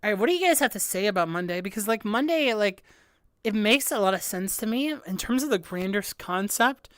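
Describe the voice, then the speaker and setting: A woman's voice: medium pitch, a little fast, no echo. Gushing young woman streamer, dry sound. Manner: excitable, gushing, heavy use of filler "like". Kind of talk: live music reaction stream. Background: faint album music playing.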